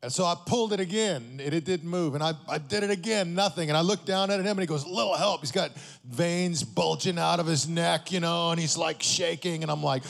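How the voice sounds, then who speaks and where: A man's voice: on the high side, a little fast, gravelly, hardly any pauses, a bit bright, in a large hall. A man, a pastor, telling a story in a sermon in a conversational way, often checking in with his listeners.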